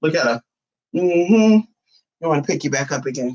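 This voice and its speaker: A man vlogging casually from home, sassy and profane, cooing baby talk at his dog, his voice a little hoarse. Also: fairly high pitch, animated, normal speed, long pauses, a little mellow, muffled recording. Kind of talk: casual chat to camera.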